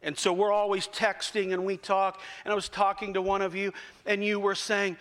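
A man preaching a sermon, telling folksy stories in a conversational way and slowing down for emphasis. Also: high-pitched, flat delivery, fairly bright tone. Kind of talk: sermon with storytelling. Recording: reverberant hall.

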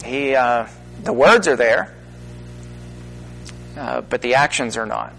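A middle-aged minister speaking earnestly to an audience, with halting pauses that build into emphatic stresses. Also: male voice, mid-range voice, animated, gravelly, fairly bright tone, soft background music, poor audio. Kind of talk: personal testimony talk to an audience.

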